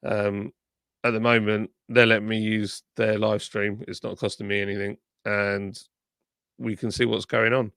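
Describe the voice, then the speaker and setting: A man's voice: fairly low pitch, flat delivery, normal speed, creaky, fairly bright tone, dry recording, studio quality. A man hosting a live stream, chatting casually and reading viewer comments aloud while nursing a sore tongue. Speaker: livestream host.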